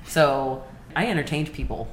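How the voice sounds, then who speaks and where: A woman chatting casually on a panel, telling stories in an animated way and laughing often. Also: sits low, normal speed. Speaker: podcast panelist. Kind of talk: casual chat. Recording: echoey room, faint background noise.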